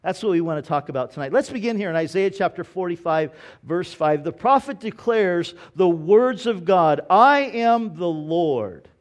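A high-voiced man preaching, telling a story and often repeating words as he goes. He slows down to read scripture with weight and emphasis. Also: animated, darkish tone. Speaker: pastor. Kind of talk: sermon with storytelling.

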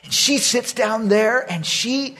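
A male pastor preaching a sermon. He tells his story with animated energy, jumping from loud bursts to hushed asides. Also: extremely high pitch, slow, breathy edge.

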